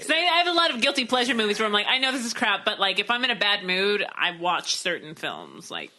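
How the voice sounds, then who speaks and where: Bright-voiced woman, blunt casual chat. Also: medium pitch. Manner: blunt and animated, quick asides. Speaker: podcast co-host.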